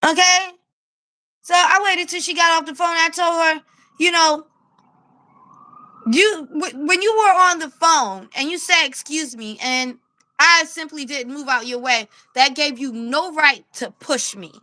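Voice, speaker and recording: A woman with a New York accent ranting to camera as a street vlogger, animated and blunt, laughing as she tells her story. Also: high-pitched, unhurried. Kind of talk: casual rant to camera.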